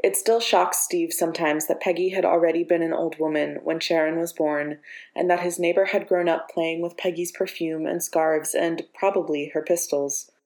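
A woman narrating a story in a steady, measured reading voice. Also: deep voice. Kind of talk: audiobook narration of fiction. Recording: echoey room.

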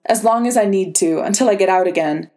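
A woman's voice: medium pitch, quick pace, dark tone, close to an everyday voice. A woman voicing a frightened teenage boy hero who sounds strained and nervous but still cracks jokes. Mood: defiant.

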